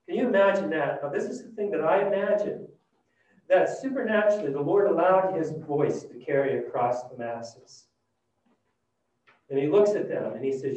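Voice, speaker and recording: A man preaching a sermon, retelling a scripture story with animated, dramatic shifts between loud and hushed delivery. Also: fairly high pitch, normal speed. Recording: distant, dull and very echoey.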